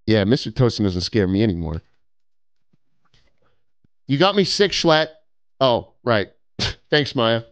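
A man's voice: medium pitch, smooth. A young man live-streaming a game, joking and sarcastic as he reads out viewer postcards. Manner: sarcastic, joking, mock-arrogant.

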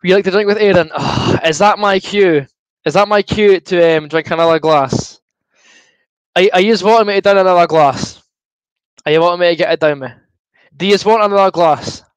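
A young Scottish man with a high voice hosts a football watchalong stream and chats his way through the viewer comments. He sounds good-humoured and a little queasy from gulping fizzy juice, and the sound is dry and close. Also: moderate pace, clean tone, no room sound, poor audio. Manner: chatty and good-humoured, reads out comments and answers them. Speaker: livestream host. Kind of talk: casual watchalong chat, reading viewer comments.

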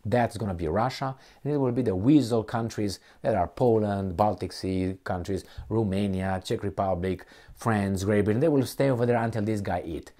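A man giving a rambling political rant, hunting for words and turning heated when indignant. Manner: heated, gets louder and higher when indignant; halting, hunts for words and restarts.

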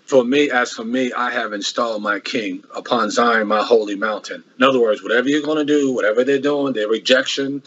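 Husky man preaching a Bible lesson. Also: medium pitch, fairly even intonation, brisk, few pauses, fairly bright tone, muffled recording. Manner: repetitive, restarts often, rhetorical questions. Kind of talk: Bible class sermon.

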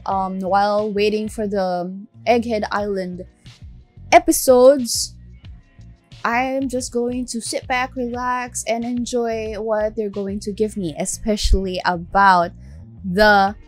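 A woman's voice: mid-range voice, flat delivery, takes it slowly, faint music behind. A woman doing casual anime reaction commentary, chatty and emotional as she talks straight to her viewers. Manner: chatty, addresses viewers directly; emotional, gushing.

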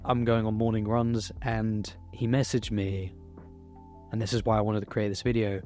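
A man's voice: fairly low pitch, level tone, normal speed, warm tone, faint music behind. A young man, speaking candidly and earnestly in a personal motivational monologue, swearing now and then. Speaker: YouTuber.

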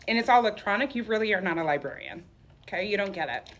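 A woman's voice: medium pitch, fast talker, pushed and bright. A woman running a live sale from her clothing store, with sassy, campy patter full of "okay?" and "honey". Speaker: boutique owner selling clothes on a livestream.

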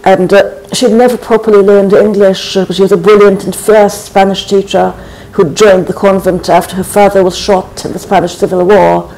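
A poet in their forties, giving measured, reflective interview answers with many pauses and hesitations. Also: medium pitch, little pitch movement, vocal fry, darkish tone, low-quality recording. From Trinidad. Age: 40s. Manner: thoughtful and measured, frequent hesitations. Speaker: guest poet. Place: college.

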